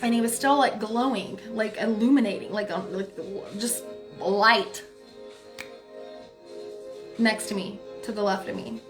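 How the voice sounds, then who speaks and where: Woman spiritual reader, higher voice, loose chatty storyteller. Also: fairly even intonation, a little slow, long pauses, over music. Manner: chatty, many filler words, soft laughs. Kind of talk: casual storytelling to viewers.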